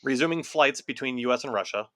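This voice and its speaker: A man's voice: medium pitch, quick pace, fairly bright tone, no room sound, studio quality. A man co-hosting a casual political podcast, rambling and laughing between points. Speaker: podcast co-host.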